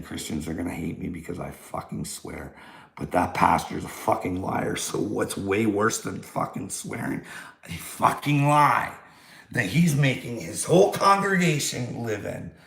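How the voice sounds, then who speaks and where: A man's voice: lowish voice, expressive, measured pace, creaky, fairly bright tone, roomy sound. A man ranting angrily in a heated vlog monologue, swearing constantly as he retells a confrontation. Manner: angry, heated, swearing a lot. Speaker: vlogger.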